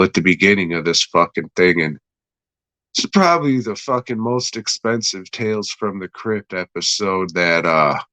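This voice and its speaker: Recapping a horror episode, a reviewer of horror shows speaks in a lowish, sharp-toned voice with no echo. He swears freely and keeps things offhand, chuckling and correcting himself as he goes.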